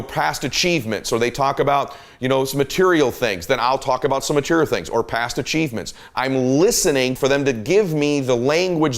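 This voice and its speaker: A middle-aged man hosting a motivational talk, coaching listeners in an emphatic, repetitive cadence. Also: medium pitch. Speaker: host.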